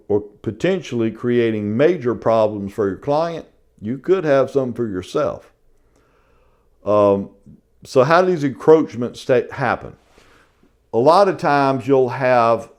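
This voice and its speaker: Man, middle-aged, folksy real estate teacher, casual lecture, mid pitch. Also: darkish tone. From South Carolina. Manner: folksy, keeps saying "y'all".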